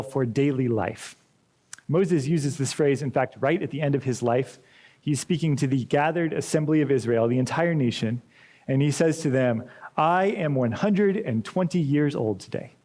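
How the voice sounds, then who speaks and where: A man preaching a sermon in a church, speaking in a measured, deliberate way with touches of dry humor. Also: a little high, mellow. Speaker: pastor.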